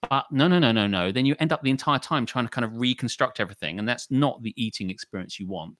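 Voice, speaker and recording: A man's voice: medium pitch, fast, dry recording, studio quality. A man co-hosting a casual chat show, ranting with lots of swearing. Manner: ranting, profane, animated. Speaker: podcast co-host.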